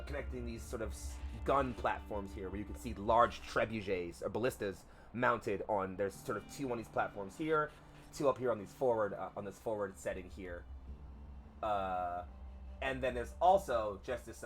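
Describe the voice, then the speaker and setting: A man narrating as game master in a tabletop game, rambling with many fillers. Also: lowish voice. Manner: rambling, filler-heavy description.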